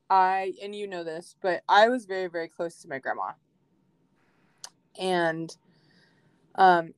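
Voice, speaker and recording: A woman's voice: lowish voice, clean tone, dry recording. A young adult woman guesting on a faith podcast, telling a personal story in an emotional, heartfelt way with many fillers. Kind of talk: casual faith podcast chat.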